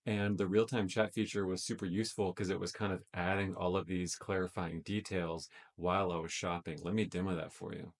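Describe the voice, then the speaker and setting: Man, tech demo host, casual, fillers, lowish voice. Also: little pitch movement, a little fast, few pauses. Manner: casual, tentative, many fillers.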